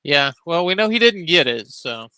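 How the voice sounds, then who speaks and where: A blunt, sarcastic man chats casually. His voice is bright and edged. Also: on the high side, sing-song, moderate pace, clean tone, poor audio. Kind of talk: casual chat.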